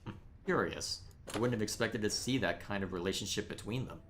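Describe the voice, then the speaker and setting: A man's voice: fairly low pitch, brisk, a bit bright, a little hiss or hum. A man streaming a narrative game, musing in dry asides between reading its text. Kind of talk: game livestream commentary.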